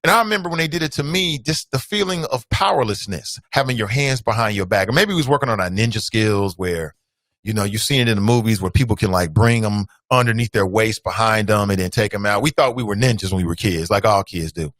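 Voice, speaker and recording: A man's voice: lowish voice, quick pace, fairly bright tone, no echo. Earnest male talk show host, dry sound. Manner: earnest, direct, calls the audience family. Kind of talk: casual commentary.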